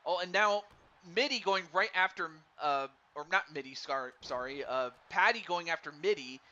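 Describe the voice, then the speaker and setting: A man doing live play-by-play commentary on a wrestling game for a stream, excitable and stumbling over his words while chatting with viewers. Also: on the high side, normal speed. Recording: dull lo-fi stream mic with faint noise.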